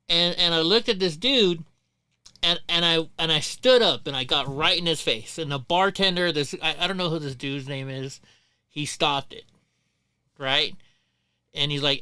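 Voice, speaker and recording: A man's voice: fairly high pitch, normal speed, bright, forceful tone, clear, resonant tone, no echo. A middle-aged man hosting a livestream, telling rambling, profane stories in casual chat. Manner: rambling, profane, many restarts. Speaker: livestream host.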